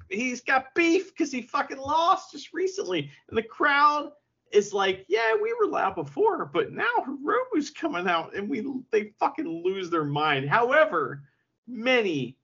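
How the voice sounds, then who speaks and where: A man co-hosting a podcast, chatting casually and profanely, retelling events with lively quoted asides. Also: very high voice, husky, lo-fi sound. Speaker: podcast co-host. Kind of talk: casual chat recapping wrestling.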